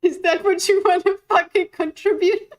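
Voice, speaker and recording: A woman's voice: extremely high pitch, fairly even intonation, normal speed, low-quality recording. A woman streamer giving live reaction commentary on a debate, giddy and laughing through her words, swearing casually.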